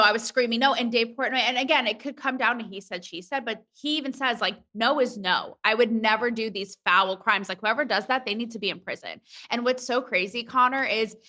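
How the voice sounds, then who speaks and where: Bright, outspoken woman podcast guest. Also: on the high side, brisk, hardly any pauses. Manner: outspoken and frank, swearing freely. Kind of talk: casual chat.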